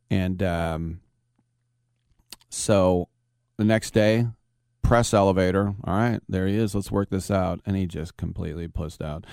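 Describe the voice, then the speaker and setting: A man hosting a live sports talk radio show, telling baseball stories in a casual, animated way. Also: sits low, moderate pace, gravelly, no room sound, clean studio sound. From San Francisco Bay Area. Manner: storytelling, animated, acts out quotes.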